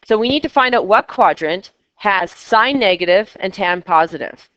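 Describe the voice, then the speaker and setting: A woman's voice: mid-range voice, animated, moderate pace, a bit bright, dry recording, highs cut off. A woman teaching a math class, chatty and coaxing her students with questions. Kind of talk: classroom lecture.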